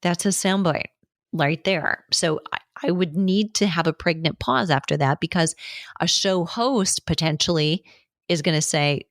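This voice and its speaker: A middle-aged woman hosting a solo coaching podcast in a chatty, brisk way, pace shifting as she adds asides. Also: fairly low pitch, dry recording, clean studio sound. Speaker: podcast host.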